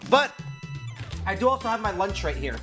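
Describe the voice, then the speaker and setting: A man's voice: high voice, very animated, normal speed, music in the background. A young man streaming casually, laughing often and swearing as he chats with viewers. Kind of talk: casual livestream chat.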